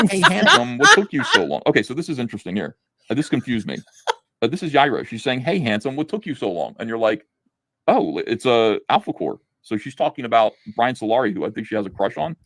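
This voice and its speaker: A man's voice: mid-range voice, very animated, fast, dry recording. A man hosting a comics review show, giving sarcastic reaction commentary and mocking the dialogue he reads. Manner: swears freely.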